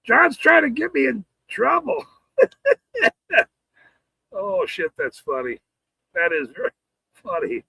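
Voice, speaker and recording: Male stream host, high gravelly voice, slow talker, close and dry. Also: wildly swooping pitch, sharp tone, no echo, poor audio. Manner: laughing often, swearing, greeting chat viewers. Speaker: livestream host. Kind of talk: casual livestream chat.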